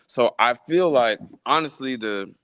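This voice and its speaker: Bright-voiced, easygoing man on a close mic. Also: mid-range voice, a little slow, no echo. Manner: relaxed, loose speech with many fillers and restarts. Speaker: guest musician, gospel pianist. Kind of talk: casual live interview.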